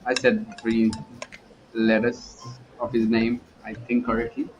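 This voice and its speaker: A man's voice: medium pitch, completely flat delivery, a little slow, dull audio, background noise. A man calling a live poker broadcast, mixing play-by-play with playful banter. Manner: playful, joking banter between hands. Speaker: poker commentator. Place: commentary booth at a poker event.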